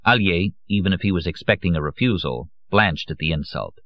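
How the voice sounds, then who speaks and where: A man reading a novel aloud as an audiobook narrator, in a measured, grave manner. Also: a bass voice, no echo, highs cut off.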